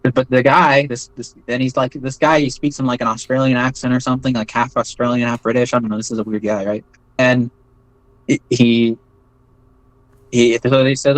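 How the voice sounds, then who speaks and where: A man tells his own story in a loose, rambling way, looping back with "like" and "you know" and checking in with "right?" after each point. His voice sits at an ordinary middle pitch. The recording is dry and close, with almost no room sound. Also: fairly quick, fairly bright tone, dry recording, poor audio. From United States. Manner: rambling, many fillers and tag questions. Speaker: veteran telling his story. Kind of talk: casual first-person storytelling.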